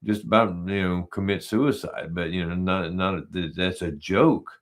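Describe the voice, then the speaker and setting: A man with a low, steady voice hosts a casual podcast conversation. He tells stories as jokes and keeps a relaxed, humorous tone. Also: normal speed. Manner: joking storyteller, laughs at his own stories. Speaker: podcast host.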